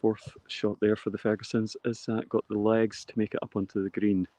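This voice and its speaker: A man giving live play-by-play commentary outdoors on a golf course, steady and descriptive, lifting on big shots. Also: fairly low pitch, fairly quick, dry recording.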